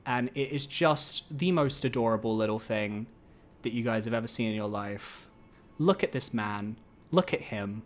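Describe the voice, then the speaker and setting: A man streaming a video game who chats casually, gets excitable, swears freely and drifts into rambling asides. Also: fairly low pitch, normal speed, faint music behind. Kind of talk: casual gameplay commentary.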